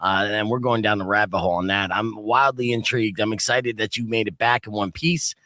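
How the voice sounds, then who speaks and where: A man's voice: fairly low pitch, fairly even intonation, a little fast, bright, forceful tone, no echo. A man hosting a morning radio show, chatting casually in a teasing, upbeat way with plenty of "uh" fillers, in a studio. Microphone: studio microphone.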